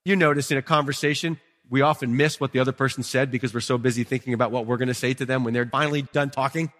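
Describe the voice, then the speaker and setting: A male pastor preaching a sermon in a church, chatting with the congregation, swinging from quiet asides to emphatic peaks. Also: medium pitch, steady tone, fast talker. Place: church sanctuary. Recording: long reverb of a hall.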